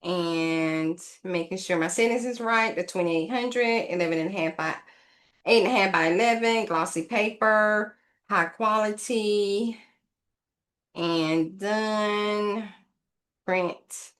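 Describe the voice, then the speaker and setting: A woman's voice: medium pitch, takes it slowly, a bit bright. A woman casually narrating a craft tutorial, thinking aloud and rambling to her viewers as she works. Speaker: craft vlogger.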